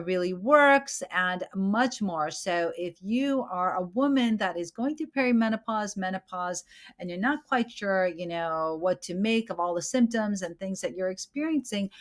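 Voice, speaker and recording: A woman's voice: lowish voice, a bit bright. A woman in her forties hosting a podcast, explaining topics in an upbeat way with frequent fillers. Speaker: podcast host. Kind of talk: podcast countdown and interview chat.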